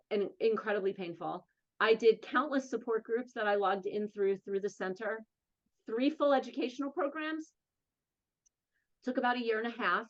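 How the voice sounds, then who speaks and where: An advocate appearing as an interview guest, this New Jersey–accented woman has a voice on the high side, heard through a muffled recording. She describes her own story openly and with force, earnest and speaking in rapid bursts.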